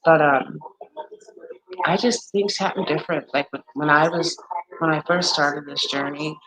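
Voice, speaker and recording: Blunt and candid, a woman aged somewhere in her forties to fifties hosts a casual livestream at a measured pace, swearing freely and addressing viewers directly. She mimics her friends in high, exaggerated voices, all on a rough recording.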